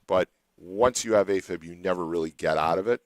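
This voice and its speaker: A man's voice: deep voice, a little fast, no echo, low-quality recording. A middle-aged man hosting a radio show, telling a long personal story in a rambling way with many restarts.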